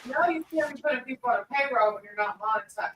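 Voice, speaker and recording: A woman's voice: sits high, quick pace, fairly bright tone, distant mic, a little hiss or hum. A woman on a casual panel chat, teasing and laughing a lot. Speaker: panel member. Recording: roomy, off-mic sound.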